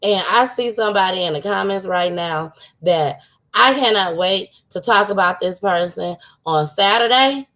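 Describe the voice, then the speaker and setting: A woman's voice: mid-range voice, normal speed, fairly bright tone. A woman hosting her own livestream show, talking in a casual, heartfelt way and laughing often, close to tears. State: tearful.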